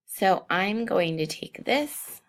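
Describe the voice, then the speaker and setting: A woman walking through software steps in a screencast tutorial, unhurried and thinking aloud with frequent ums. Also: medium pitch, expressive. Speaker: teacher demonstrating software.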